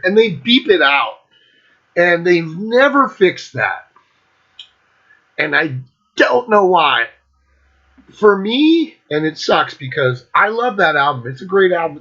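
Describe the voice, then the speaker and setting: A man's voice: on the high side, sharp tone. Foul-mouthed enthusiastic man reviewing albums. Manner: swears constantly, blunt and enthusiastic. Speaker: music show host. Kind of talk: casual album review monologue. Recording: dull lo-fi recording.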